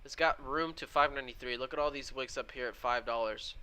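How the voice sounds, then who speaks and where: A man's voice: medium pitch, brisk, pushed and bright, smooth. A man casually walking viewers through his trades on a live stream and answering chat. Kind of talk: live trading stream commentary.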